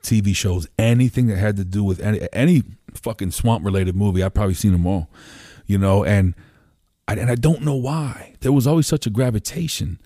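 A man's voice: lowish voice, fairly quick, warm tone, no room sound, studio quality. A man from Pennsylvania, a podcast guest, telling stories in a loose, rambling way, full of "you know" fillers and casual swearing. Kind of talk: casual storytelling conversation. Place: home room.

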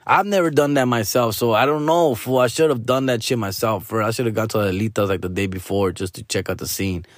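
A man's voice: lowish voice, quick pace, no echo, clean studio sound. A man telling a rambling, profane story in slangy English with Spanish mixed in.

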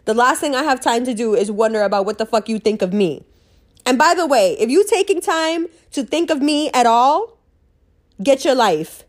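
A woman's voice: a little high, fairly quick. A woman with a New York accent giving blunt, profane life advice in a monologue, acting out bits of dialogue. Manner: brash, profane, animated, acts out dialogue.

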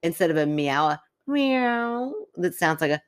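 Low-voiced woman podcast co-host. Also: little pitch movement, fast. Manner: laughs often, dramatic story reading. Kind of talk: casual chat, reading a listener story aloud.

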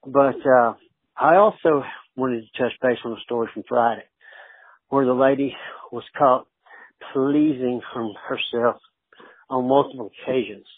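A man's voice: mid-range voice, unhurried, pauses often, husky, no echo. Texan man leaving a crude, joking message. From Texas. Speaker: listener calling in. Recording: tinny phone-line sound.

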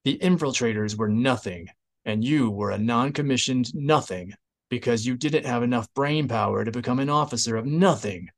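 A man voicing a petty, self-important male Imperial interrogator, slow and menacing. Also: medium pitch, lightly acted.

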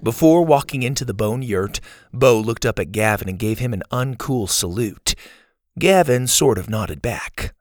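A male narrator reading a kids' adventure story with lively, swooping intonation at a middle pitch. The recording is dry and close, with no room sound. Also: normal speed, no room sound. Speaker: audiobook narrator.

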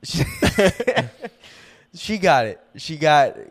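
Young male podcast co-host, slightly high voice, laughs through his stories, loose casual chat. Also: expressive, extremely slow. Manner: laughs often while telling stories; says "dude" and "like" a lot.

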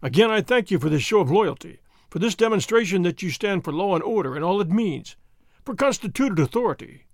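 Man voicing a pompous blustering governor, high voice, dry close sound. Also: animated, fairly quick, no echo. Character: pompous, flustered older male governor. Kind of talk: dramatic audiobook reading.

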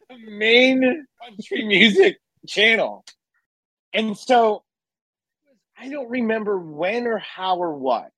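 A man in casual chat, telling a radio story with lively acted-out quotes and casual swearing. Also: high-pitched, takes it slowly, no room sound, rough recording.

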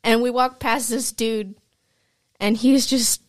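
Speaking slowly with fairly even intonation and a fairly high pitch, this young podcast co-host is a chatty storyteller who laughs frequently during casual conversation.

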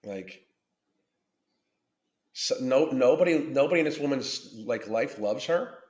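A man's voice: medium pitch, expressive, a little slow, darkish tone. A man hosting a podcast, ranting through a blunt, combative reaction commentary full of swearing. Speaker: podcast host. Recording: roomy echo.

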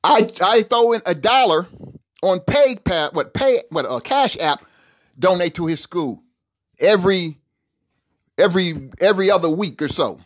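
A middle-aged man delivering solo podcast commentary with a preachy, emphatic bent. His pitch climbs and drops in wide swings as he presses his points and doubles up words for weight. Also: lively intonation, a little slow. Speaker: podcast host.

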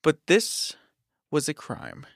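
A podcast co-host with a slightly high, gravelly voice and wildly swooping pitch reads spooky forest history aloud slowly and casually, as a ghost-story reading. He adds offhand asides and swears. The recording is dry and studio quality.

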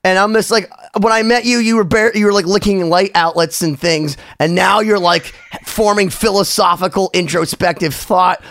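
A man's voice: sits high, moderate pace, few pauses, a bit bright, dry recording. A man co-hosting a podcast, rambling and joking through a casual chat with some swearing. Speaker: co-host.

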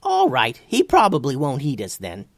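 A brisk, practical woman in a storybook, voiced high and bright above the reader's own tone, as a man puts her on. She answers quickly and matter-of-factly, with lively ups and downs, recorded close and dry. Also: vocal fry, dry recording, full character voice. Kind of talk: storybook reading.

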